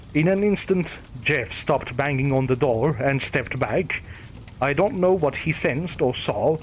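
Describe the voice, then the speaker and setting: A man narrating a horror story in a steady, somber, scripted reading. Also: mid-range voice, a little hiss or hum.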